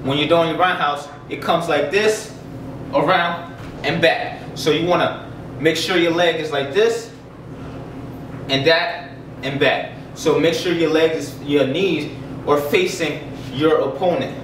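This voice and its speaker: Breathless karate teacher in echoey room. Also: male voice, fairly high pitch, fairly even intonation, a little slow, fairly bright tone, a little hiss or hum. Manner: demonstrating kicks while talking, loose and chatty. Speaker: karate instructor. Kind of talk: casual martial arts lesson. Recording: echoey room, mic from a distance.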